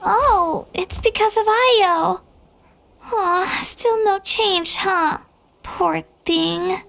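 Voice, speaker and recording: An actress voicing a gentle, brave young girl in a video game, talking sincerely and softly, recorded in a studio. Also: very high-pitched, very slow, vocal fry, exaggerated voice. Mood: earnest. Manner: sincere, soft-spoken, heartfelt.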